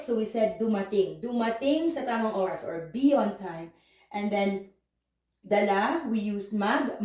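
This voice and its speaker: A woman language teacher giving an online lesson, explaining patiently step by step and repeating words slowly. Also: medium pitch, mellow. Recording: very echoey room.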